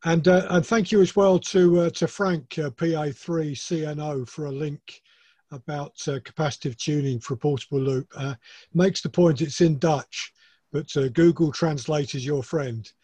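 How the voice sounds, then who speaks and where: A man's voice: a little high, steady tone, normal speed, mellow, slightly rough, dry recording. A man chairing questions at a club meeting on a video call, friendly and joking with lots of fillers.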